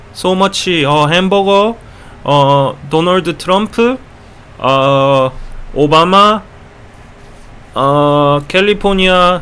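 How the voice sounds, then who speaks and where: A man putting on a thick Korean accent, playing an overeager fan who gushes in halting English full of "uh"s. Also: high voice, a bit bright, clean tone, voice pushed up. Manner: gushing, halting, full of uh's.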